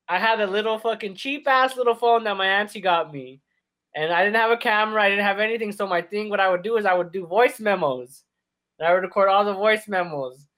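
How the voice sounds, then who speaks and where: A young man, a podcast co-host, telling a profane, laughing story among friends. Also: high-pitched. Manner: profane, laughing, animated retelling.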